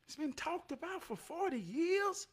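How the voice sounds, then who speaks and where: A man in his forties telling a neighborhood story from his youth, animated, swinging from loud bursts down to a hush. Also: extremely high pitch, measured pace. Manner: animated, loud bursts, drops to hushed tones. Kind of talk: casual storytelling vlog.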